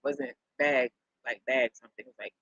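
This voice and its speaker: A middle-aged woman hosts a live stream, chatting casually with viewers and rambling through stories, chuckling often and repeating herself. Her bass voice is brisk and fairly bright with a breathy edge and fairly even intonation. The recording sounds dull and lo-fi, with no room sound.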